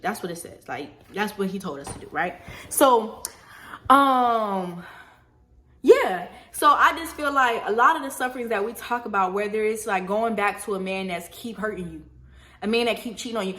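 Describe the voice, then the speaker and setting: A young woman, casually lecturing on faith and choices in an animated, slangy way, often asking "you feel me?". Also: mid-range voice, brisk. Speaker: faith vlogger. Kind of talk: casual preachy monologue.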